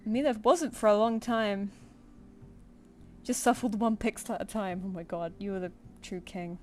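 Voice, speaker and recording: A woman's voice: medium pitch, normal speed, a little mellow, soft background music. A woman streaming while she draws, thinking aloud and answering her viewers in casual chat. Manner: chatty, thinks aloud, reads chat comments and answers them. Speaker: streamer drawing live.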